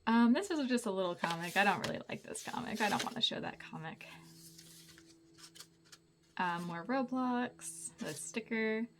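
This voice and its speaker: A woman's voice: a little high, lively intonation, normal speed, pauses often, noisy background. A young woman chatting casually through a tour of her sketchbook, bubbly, with many ums and giggles. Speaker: artist vlogger.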